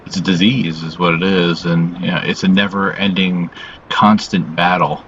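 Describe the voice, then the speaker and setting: Weary low-voiced man in a vlog. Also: flat delivery, fairly bright tone, lo-fi sound, a little hiss or hum. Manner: halting, heavy on "you know" fillers, frequent swearing; weary and subdued. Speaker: channel host. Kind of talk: casual confessional vlog monologue.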